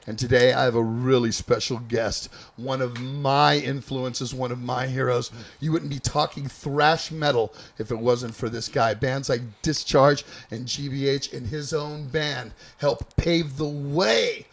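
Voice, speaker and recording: Man, interview host, gravelly voice, halting, repeats words. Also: medium pitch, steady tone. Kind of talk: casual interview.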